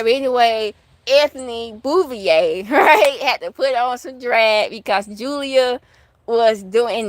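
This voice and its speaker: A woman's voice: on the high side, no room sound. A woman hosting her own channel, chatting casually and rambling through asides as she answers viewer questions. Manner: fan of classic TV soaps. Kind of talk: casual chat.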